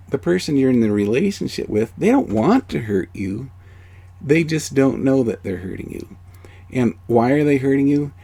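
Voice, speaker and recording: A man gives a gentle, conversational spiritual lesson outdoors, often saying "you know". His voice is gravelly and husky, with a mellow, dark tone. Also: medium pitch. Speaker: spiritual course teacher. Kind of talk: casual spiritual teaching.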